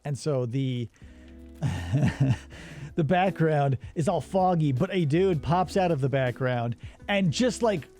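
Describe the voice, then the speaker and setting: Animated man retelling a movie. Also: fairly high pitch, slow, long pauses, soft background music. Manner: animated storyteller, acts out the characters' lines. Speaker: podcast co-host. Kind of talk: casual movie recap while working.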